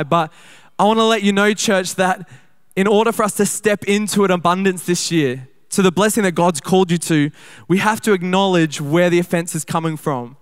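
A young man preaching at a church service in a fairly high, smooth and clear voice. He talks to the congregation in a relaxed, chatty way, speeding through asides and slowing down when he reads scripture aloud. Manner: conversational, quick bursts, slows to read scripture. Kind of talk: sermon.

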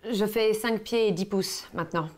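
A woman voices a matter-of-fact interpreter in a live-action game, relaying each line plainly and evenly. Her voice sits at a middle pitch. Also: fairly quick, a little mellow, natural voice. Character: young woman interpreting a family call. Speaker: interpreter on a video call. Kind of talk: FMV game acting.

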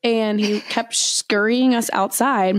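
A woman's voice: fairly high pitch, steady tone, takes it slowly, dry recording, clean studio sound. A young woman co-hosting a podcast, telling a story in casual chat and often correcting herself mid-sentence. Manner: chatty storyteller, many self-corrections and restarts. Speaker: podcast co-host.

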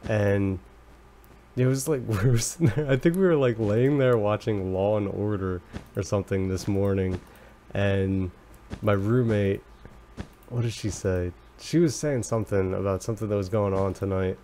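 A young man casually commenting on a game he is playing, rambling and excitable, breaking into high squeals when startled. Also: moderate pace, slight background noise. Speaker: let's play commentator.

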